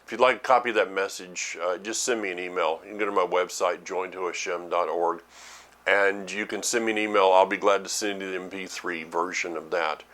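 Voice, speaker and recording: A middle-aged man teaching a sermon to his ministry's followers, often halting and repeating words as he thinks aloud. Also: deep voice, steady tone, sharp tone.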